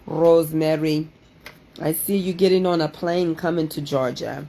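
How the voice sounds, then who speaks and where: A woman's voice: low voice, fairly even intonation, normal speed, gravelly, dark tone, slight background noise. A woman hosting a playful livestream, exclaiming dramatically and repeating her phrases in a sing-song way. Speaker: livestream host doing card readings.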